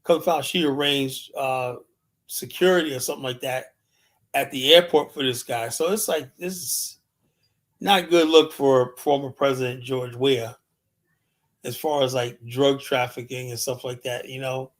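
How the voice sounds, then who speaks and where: Speaking into a streaming mic, this live-stream host has a mid-range voice with a steady tone and a measured pace. His talk is rambling and anecdotal, loaded with fillers such as "and whatnot."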